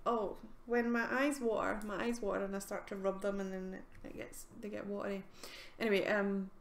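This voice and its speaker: A woman's voice: mid-range voice, flat delivery, fairly quick, a little hiss or hum. A woman streaming live as an artist, chatting casually with viewers, giggling and filling with ums. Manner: chatty, giggly, answers chat questions with fillers. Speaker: art streamer. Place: home art studio. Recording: roomy home recording with faint ambience.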